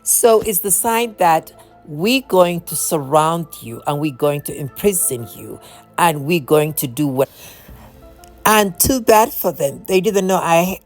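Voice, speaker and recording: Low-pitched woman, impassioned monologue, repetitive, faint music behind. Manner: impassioned, repetitive, with frequent restarts. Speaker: video creator. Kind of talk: monologue to camera.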